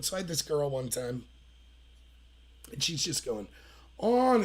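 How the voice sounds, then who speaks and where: A man's voice: mid-range voice, big pitch swings, measured pace. A man in his thirties hosting an opinionated livestream, telling stories in a heated, sarcastic way. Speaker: political commentary host.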